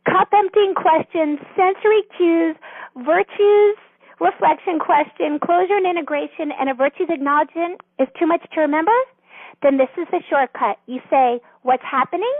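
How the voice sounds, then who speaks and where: A woman author, a guest on an interview, explaining a counseling method in a gentle, earnest, teacherly way. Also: extremely high pitch, no room sound. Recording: dry phone-line sound.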